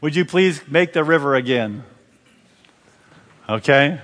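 A man's voice: on the high side, expressive, measured pace, a bit bright. A man preaching a revival sermon in a large church, fervently calling out to and directing the congregation. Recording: long reverb of a large church.

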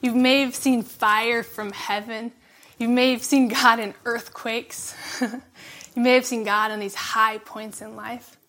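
A woman giving a reflective devotional sermon, laughing softly between phrases and dropping to a hush for emphasis. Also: on the high side, fairly even intonation, measured pace. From California. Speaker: preacher.

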